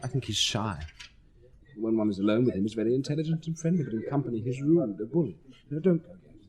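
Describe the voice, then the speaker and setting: A man's voice: mid-range voice, fast, a little mellow, a little hiss or hum, close to an everyday voice. An actor playing an ardent, lovestruck young baron in his late twenties who speaks tenderly, in a 1960s recorded stage drama. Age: 20s.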